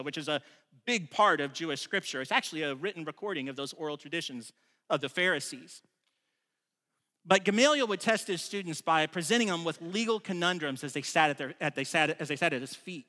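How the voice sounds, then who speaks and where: High, bright-voiced preacher in reverb. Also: male voice, a little fast. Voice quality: conversational and emphatic, with restarts. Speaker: pastor. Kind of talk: sermon. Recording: long reverb of a large room.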